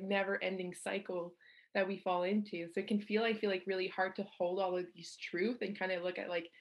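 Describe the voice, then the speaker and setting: A young adult woman hosting a podcast, chatting casually with lots of fillers and easy laughter. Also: medium pitch. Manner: chatty, heavy use of "like", laughs easily. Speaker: podcast host. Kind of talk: casual interview chat.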